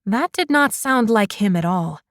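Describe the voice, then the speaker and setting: A woman narrating a fantasy romance audiobook in a measured, unhurried manner. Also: medium pitch, animated, no room sound, studio quality.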